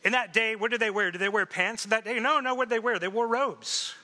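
A man preaching a sermon as pastor, lively, asking the congregation questions and laughing often. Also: high-pitched, fairly quick. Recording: echoey hall reverb.

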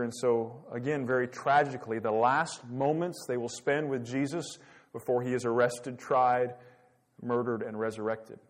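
A man preaching a sermon, dramatic and full of rhetorical questions. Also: medium pitch. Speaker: pastor.

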